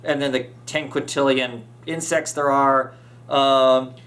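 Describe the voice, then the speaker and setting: A man's voice: mid-range voice, level tone, takes it slowly, fairly bright tone. A man hosting a podcast, chatting casually as he recaps a comic, full of fillers and restarts. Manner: rambling, many fillers and restarts. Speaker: podcast host.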